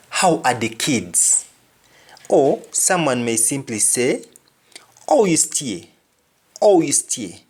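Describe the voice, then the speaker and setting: Slow, deliberate male language teacher. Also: medium pitch. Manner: slow and deliberate, repeating each example. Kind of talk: spoken language lesson.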